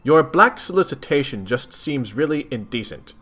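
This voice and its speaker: A man reading aloud and voicing a composed young female troll in his own voice, delivering calm, measured put-downs. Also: mid-range voice, husky. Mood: cool.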